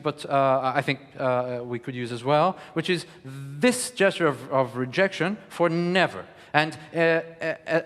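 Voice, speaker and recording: Guy teaching a declamation class, kinda high voice, lots of uhs, big echoey hall. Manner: animated, coaching, frequent hesitation fillers. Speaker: lecturer and declamation coach. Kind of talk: teaching lecture with spoken demonstrations.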